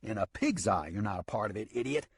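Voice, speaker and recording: A man voicing a big, gruff outlaw who bullies and taunts, snarling his lines in an audiobook. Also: fairly low pitch, expressive, fast, no echo, clean studio sound. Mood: taunting.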